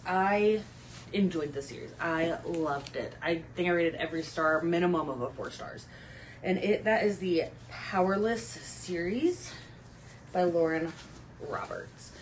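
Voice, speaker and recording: A young woman chats casually about books from her home, upbeat and talkative. Her voice sits a little low and comes out a touch breathless. A faint hiss of room noise sits under the recording. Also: rough recording. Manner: chatty and upbeat. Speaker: booktube host. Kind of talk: casual chat.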